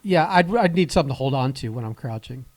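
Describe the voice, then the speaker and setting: A man's voice: medium pitch, lively intonation, fast, no room sound. A man co-hosting a podcast in casual chat, cracking jokes and laughing often. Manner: laughs often, jokey interjections. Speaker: podcast co-host.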